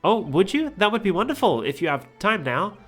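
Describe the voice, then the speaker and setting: A woman voicing a polite, earnest young female assistant in a game, in a raised, bright voice. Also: medium pitch, very animated, a little fast, husky, faint music behind, pitched above the performer's own voice.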